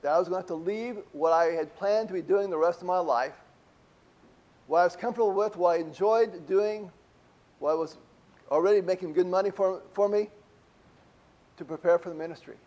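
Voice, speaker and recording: A man's voice: sits high, a little fast, pauses often, darkish tone. A middle-aged man preaching a conversational sermon to a congregation, asking rhetorical questions as he talks. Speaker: pastor.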